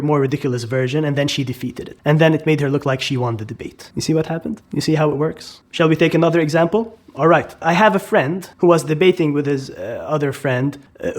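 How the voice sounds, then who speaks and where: A man explaining an idea emphatically, asking rhetorical questions and repeating key words for stress. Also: a little high. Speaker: educator. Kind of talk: explanatory commentary.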